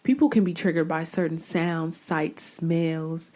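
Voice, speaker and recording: A woman's voice: low voice, unhurried, dark tone. A woman hosting a podcast alone, speaking bluntly and with open exasperation, swearing freely, in a casual way. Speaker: podcast host. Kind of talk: casual solo podcast talk.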